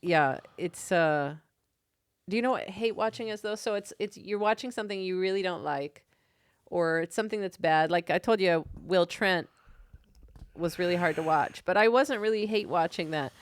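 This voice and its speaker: A woman co-hosting a casual TV talk podcast, chatty and quick to laugh. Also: lowish voice, clear, resonant tone, dry recording. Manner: giggly, chatty, laughs often. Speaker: podcast co-host. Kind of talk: casual chat.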